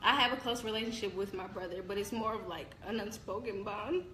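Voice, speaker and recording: A woman's voice: mid-range voice, fairly quick, fairly bright tone, faint music behind, poor audio. A young woman hosting a family talk on a live stream, emotional and close to tears, reading viewers' comments and thanking them. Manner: emotional, tearful, thankful, reads comments aloud. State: tearful. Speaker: host. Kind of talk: casual chat on a live video.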